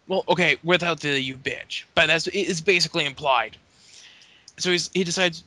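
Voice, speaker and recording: A man's voice: a little high, normal speed, sharp tone. A man co-hosting a podcast, recapping a show in casual chat with lots of fillers and restarts. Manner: rambling recap full of fillers. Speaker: podcast co-host.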